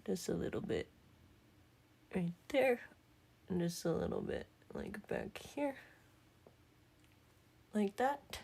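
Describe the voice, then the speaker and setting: Creaky-voiced Southern woman chatting. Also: lowish voice, huge pitch swings, slow, pauses often, darkish tone. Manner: joking, rambling asides. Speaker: makeup vlogger. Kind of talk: casual chatty tutorial.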